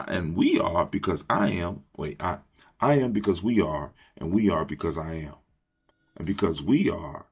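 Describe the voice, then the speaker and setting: A man's voice: deep voice, breathy edge. A man hosting a motivational morning talk, leading his listeners in call-and-response and repeating phrases like a preacher. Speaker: host.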